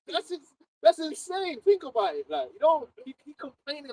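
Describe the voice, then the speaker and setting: A young man speaking in a very high voice that swoops up and down with energy. His delivery is slangy and animated, broken by frequent laughter. There is a gravelly edge in his tone. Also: fairly quick, no echo, poor audio. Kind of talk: casual chat.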